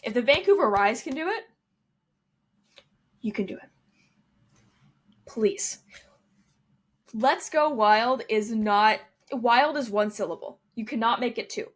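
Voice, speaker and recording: A young woman co-hosting a chatty sports podcast, talking in a slightly higher voice. She jokes, rants in playful bursts and laughs often. She speaks close to a podcast mic. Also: unhurried, long pauses. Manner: animated, joking, ranting, laughs often. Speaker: podcast co-host. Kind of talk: casual sports chat.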